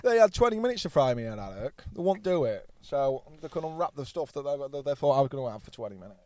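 A man's voice: mid-range voice, sing-song, fast talker, a little mellow, dry recording. A man, a podcast guest telling rambling anecdotes bluntly and swearing freely. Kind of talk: casual storytelling chat.

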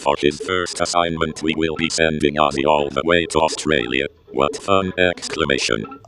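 Man voicing a very deep robot assistant. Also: moderate pace, a bit bright. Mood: flat. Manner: reads out "exclamation" after exclamations.

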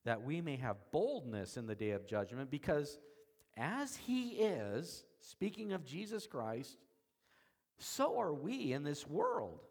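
Guy pastor preaching, voice jumping all over, hushed then punchy, chatty side jokes. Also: mid-range voice, very animated, creaky, slightly rough. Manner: dramatic swings between soft and emphatic, slows on key words; folksy asides with self-deprecating humor. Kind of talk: expository sermon.

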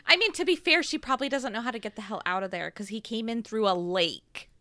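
A woman's voice: a little high, quick pace, bright, forceful tone, a little hiss or hum. A woman chatting casually about a book, making wry, sarcastic asides.

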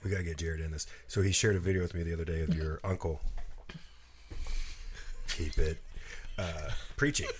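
A man's voice: low voice, fairly even intonation, normal speed, pauses often, a little hiss or hum. A man co-hosting a podcast in casual chat, rambling through stories with chuckling asides. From southern West Virginia. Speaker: podcast co-host.

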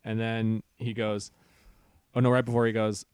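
A man's voice: on the low side, flat delivery, moderate pace, a little mellow, clean tone, dry recording, clean studio sound. A man in casual chat, mocking a film's dialogue and acting out its lines.

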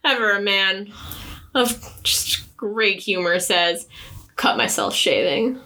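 A woman's voice: medium pitch, expressive, takes it slowly, pushed and bright. A young woman casually recapping a book on a podcast, chatty and sarcastic, laughing often. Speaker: podcast co-host.

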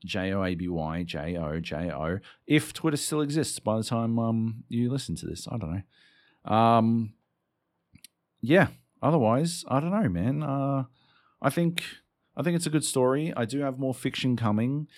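A man hosting a podcast and talking off the cuff about his story, rambling and halting, with casual swearing. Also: mid-range voice, expressive. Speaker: podcast host and author.

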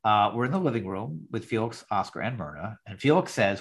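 Brief: podcast host, man, lowish voice, measured recap over a video call. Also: animated. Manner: reads script lines aloud, measured. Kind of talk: casual chat recapping an episode.

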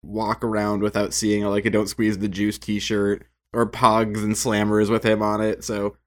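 A man's voice: completely flat delivery, measured pace. A man co-hosting a podcast in casual chat, joking around and breaking into mimicry. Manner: jokey, mimics lines in a high squeal. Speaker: podcast co-host.

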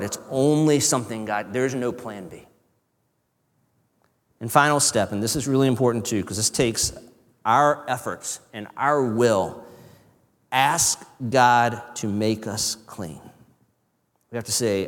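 A man preaching a sermon in an earnest, conversational way, sometimes dropping to a hush. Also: mid-range voice, animated, normal speed. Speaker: pastor. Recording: reverberant hall.

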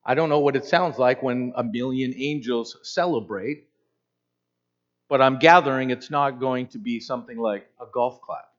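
A pastor in his fifties preaching a sermon in an animated, conversational way with joking asides. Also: medium pitch, normal speed. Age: 50s. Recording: slightly dull lo-fi sound.

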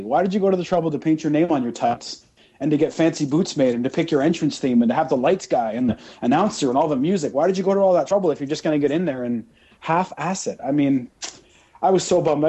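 A man co-hosting a podcast in casual chat, talking in an animated, ranting way and slipping into mocking impressions. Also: on the high side, quick pace, slightly rough. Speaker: podcast co-host.

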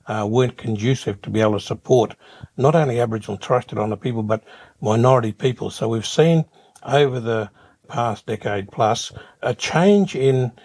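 Older Australian man, husky gravelly interview guest, thoughtful and unhurried. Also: medium pitch, a little mellow. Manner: measured, repeats words as he thinks. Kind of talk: reflective interview answers.

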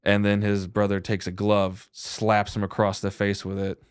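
A man narrating a tabletop role-playing game as game master, in a relaxed, joking manner. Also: lowish voice, normal speed, clean tone, dry recording, clean studio sound.

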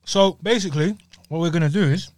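A man co-hosting a podcast, explaining things in a laid-back, steady way over a meal. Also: a little high, fast, dry recording. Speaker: podcast co-host. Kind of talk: casual chat while eating.

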